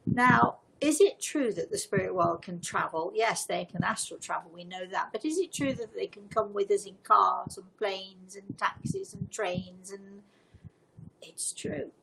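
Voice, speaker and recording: Gravelly woman telling a story. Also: medium pitch, expressive, measured pace, a bit bright, slight background noise, rough recording. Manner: chatty, rambling with asides. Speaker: storyteller and medium. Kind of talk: casual storytelling livestream.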